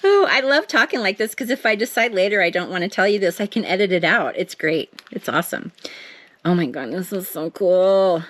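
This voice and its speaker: Brisk and animated, a middle-aged craft vlogger with a mid-range, slightly bright voice chats while she works on her art. She talks to herself and cracks self-deprecating jokes, and the recording has no echo.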